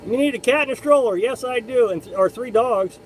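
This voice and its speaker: High-voiced man chatting on a live stream. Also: fairly quick, slight background noise, poor audio. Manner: rambling, chatty, frequent restarts. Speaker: live stream host reading chat. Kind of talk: casual live chat.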